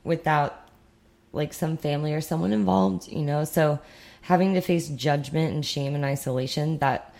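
A young woman from the United States chats on a podcast with a low, gravelly voice full of vocal fry. She rambles casually and throws in sarcastic asides. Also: moderate pace, darkish tone. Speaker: podcast co-host.

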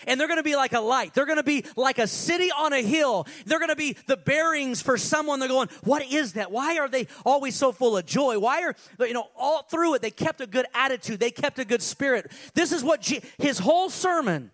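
High-voiced preaching man, lively. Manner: energetic preaching with asides and put-on voices. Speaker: pastor. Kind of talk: sermon.

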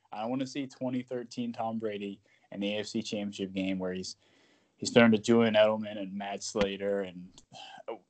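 A man co-hosting a sports podcast, talking in a joking, animated way and sometimes dropping to a whisper. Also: lowish voice. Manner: animated, jokey, drops to a whisper at times. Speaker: podcast co-host. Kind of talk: casual sports podcast chat.

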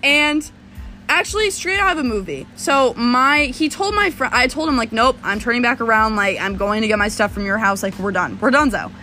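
A young woman telling a story in casual chat, animated and swearing as she talks. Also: on the high side, fairly quick, soft background music. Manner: animated, swearing, laughing often.

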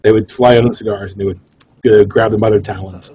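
A man co-hosting a casual cigar podcast, a jokey storyteller whose pitch leaps up when he quotes himself. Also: fairly even intonation, quick pace, mellow, dull audio, a little hiss or hum. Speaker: cigar shop owner and podcast co-host.

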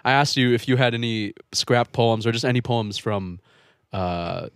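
A man's voice: medium pitch, normal speed, smooth, dry recording, clean studio sound. A young man co-hosting a podcast, teasing, swearing and laughing in casual chat. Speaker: podcast co-host.

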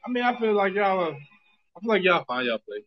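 Lively laid-back man on lo-fi audio. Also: high-pitched, a little fast. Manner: laid-back, joking, laughs often. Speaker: podcast host. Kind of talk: casual chat.

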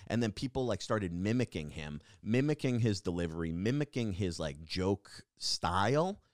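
A young adult man hosting a podcast, telling a comedic story in a rambling, animated way full of fillers and restarts. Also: on the low side, no room sound, studio quality. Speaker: podcast host.

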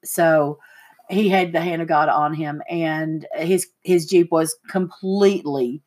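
A middle-aged woman hosting a casual chat podcast, telling stories with lively, acted-out quotes. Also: unhurried. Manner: animated storyteller, acts out quotes with big pitch jumps. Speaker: podcast host.

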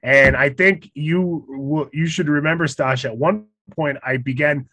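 A man whose voice sits a little higher than most men's. He chats casually and pokes fun at himself, laughing often. The recording is dry and close. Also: steady tone, measured pace, pushed and bright, no room sound. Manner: laughs often, self-deprecating. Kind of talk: casual storytelling chat.

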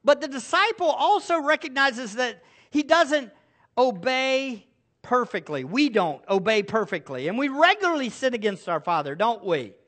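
A man's voice: extremely high pitch, very animated, normal speed, fairly bright tone. A middle-aged male pastor preaching a sermon, asking the congregation rhetorical questions.

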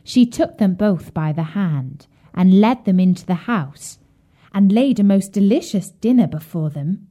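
A woman reading a fairy tale aloud for children, expressive, sometimes dropping to a whisper. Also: medium pitch. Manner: slow, expressive, drops to a whisper at grim parts. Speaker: storyteller.

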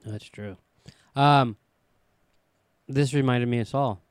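A man's voice: medium pitch, takes it slowly, clear, resonant tone, no echo. Man, podcast co-host, dry teasing humor, blunt, close dry mic. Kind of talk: casual chat.

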